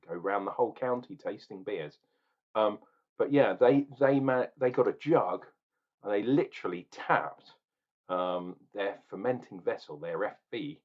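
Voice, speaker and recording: A man's voice: fairly low pitch, lively intonation, measured pace, highs cut off. A man rambling casually through a beer tasting vlog, chatting straight to the viewer between sips. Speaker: beer reviewer.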